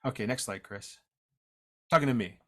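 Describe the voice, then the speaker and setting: A man at a medium pitch gives a relaxed, self-deprecating talk about his tribe's language over a video call. He often restarts his sentences. The internet connection is unstable, so his audio sometimes cuts out. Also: normal speed. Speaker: tribal language teacher. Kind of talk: online presentation talk.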